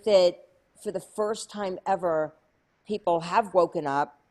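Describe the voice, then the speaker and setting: A woman telling a story as an interview guest, lively and chatty, acting out other people's voices with many fillers. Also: fairly low pitch, unhurried. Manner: animated, acts out quoted voices, many fillers. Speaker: interview guest, speaker and coach.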